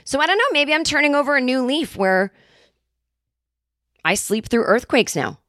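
A woman's voice: high-pitched, animated, moderate pace, a bit bright, no room sound. Woman, 40s, solo comedy podcast host; rambling, sarcastic, close and dry. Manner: rambling, self-interrupting, sarcastic.

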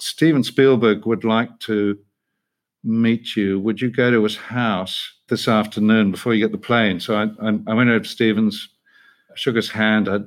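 An older male actor telling rambling, self-deprecating stories as an interview guest, laughing often. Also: mid-range voice. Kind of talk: casual interview anecdote.

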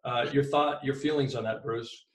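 Affable interviewer in an echoey room. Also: male voice, mid-range voice, fairly even intonation, normal speed. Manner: affable, frequent short affirmations. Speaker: podcast host. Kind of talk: casual interview.

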